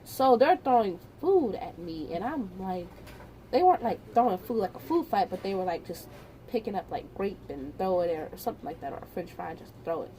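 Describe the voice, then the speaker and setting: Woman vlogger, casual storytime, chatty and animated, mid-range voice. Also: mid-range voice, fairly quick, slight background noise. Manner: animated, chatty retelling with repeats.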